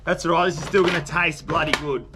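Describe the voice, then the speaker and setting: A man's voice: on the high side, fairly even intonation, a little fast. A young Australian man chatting casually to camera in laid-back slang by a windy roadside. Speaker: outdoor vlogger. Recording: outdoor wind and passing traffic noise.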